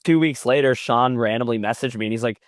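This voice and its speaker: A man's voice: mid-range voice, fast talker, no echo, studio quality. A man, a podcast guest and metal vocalist, telling long stories in casual chat over a video call. He acts out quoted back-and-forths and swears often.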